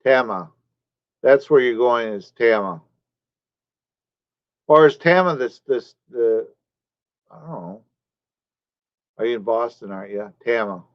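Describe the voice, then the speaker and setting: A man's voice: mid-range voice, unhurried, pauses often, no echo. A man live streaming, chatting casually and rambling while he answers his chat viewers by name. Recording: dull lo-fi stream audio.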